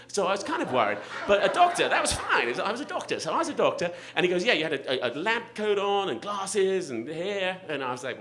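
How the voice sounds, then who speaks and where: A man's voice: a little high, sing-song, fairly quick, hardly any pauses, a crowd in the background. A middle-aged man telling a comic personal story live at a story slam, self-mocking and laughing through his lines, on a stage microphone in a restaurant event space.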